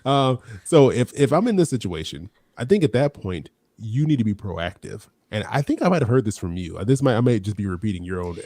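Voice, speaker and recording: A man's voice: lowish voice, big pitch swings, fairly quick, few pauses, a little mellow, no echo, clean studio sound. A man co-hosting a casual live chat, laughing often and playfully teasing his co-host. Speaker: podcast co-host.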